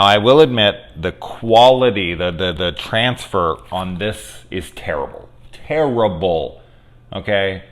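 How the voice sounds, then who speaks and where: A man with a deep but fairly bright voice gives a casual, spoiler-filled movie review. He rambles and swears, with many ums and restarts.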